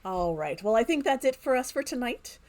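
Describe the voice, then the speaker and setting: A woman's voice: on the high side, big pitch swings, a little fast, darkish tone. A woman co-hosting a live stream from home, laughing easily as she wraps up the show. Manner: giggly, closes the show. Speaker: co-host. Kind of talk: casual chat on a live stream.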